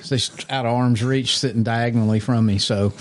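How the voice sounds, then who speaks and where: A man with a drawl hosts a relaxed podcast from a small studio. He talks in an ordinary mid-range voice, ribbing his guests and joking as he goes. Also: mid-range voice, fairly quick. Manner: joking, teasing. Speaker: podcast host. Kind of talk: casual chat.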